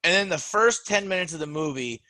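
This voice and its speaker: A man with a bright, slightly raised voice talks movies on a podcast, animated and loose, swearing as he acts out scenes. The sound is dry and close, with no room around it. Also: fairly high pitch, brisk, no room sound. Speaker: podcast co-host. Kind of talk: casual chat.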